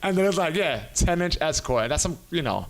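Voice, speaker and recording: A man's voice: fairly high pitch, a little fast. A male comedian hosting a podcast, telling stories in casual chat, swearing freely and acting out what people said. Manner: animated storyteller, swears freely, acts out quotes.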